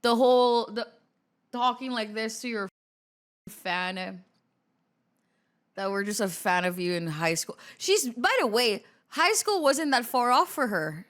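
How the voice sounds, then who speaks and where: Woman streamer from the Philippines, bright high voice, exclamatory cringing reactions. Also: animated, unhurried, long pauses. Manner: exclamatory, cringing, groaning asides. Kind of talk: live stream reaction commentary.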